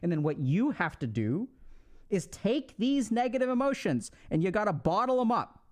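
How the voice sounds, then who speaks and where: A man's voice: sits high, sing-song, moderate pace, darkish tone. A man giving a casual, explanatory talk who keeps checking in with his listeners and uses lots of conversational fillers. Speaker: speaker on relationships.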